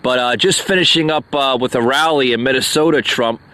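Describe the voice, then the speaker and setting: A man's voice: medium pitch, a little fast, bright, forceful tone. A man hosting a political podcast, sounding aggravated and stumbling over many fillers as he comments. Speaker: podcast host.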